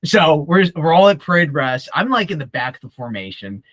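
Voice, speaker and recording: A young man telling a profane, animated story in casual talk, often acting out the voices of others. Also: fairly high pitch, fairly quick, dry recording. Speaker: podcast guest.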